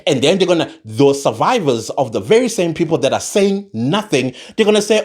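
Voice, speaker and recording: A man's voice: fairly high pitch, sing-song, fairly quick, a little mellow. A man, delivering an impassioned political commentary monologue, emphatic and repeating his points for force. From South Africa.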